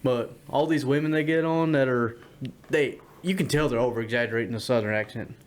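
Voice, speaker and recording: A man's voice: mid-range voice, a little fast. A man co-hosting a casual podcast, rambling and swearing as he makes his point. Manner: rambling, profane, lots of restarts. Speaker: podcast co-host. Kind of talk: casual chat.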